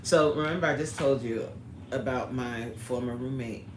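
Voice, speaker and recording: A woman's voice: a bass voice, moderate pace. A woman hosting a casual livestream, chatting with viewers by name and launching into a story. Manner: chatty, answers the live chat by name, storytelling. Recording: roomy echo, faint background noise.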